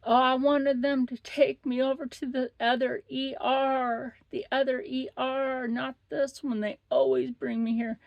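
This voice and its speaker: A woman voicing a loud, demanding woman patient who moans and curses about her aching arm. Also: sits high, little pitch movement, unhurried, hardly any pauses, dry recording, dull audio, voice pushed up. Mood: whining. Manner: wailing, moaning and cursing.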